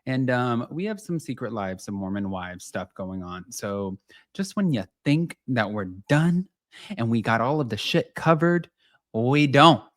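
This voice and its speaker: A man hosting a casual celebrity gossip show, chatty and animated, talking straight to his viewers in a slightly nasal voice. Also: mid-range voice, measured pace, dry recording, studio quality. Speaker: host.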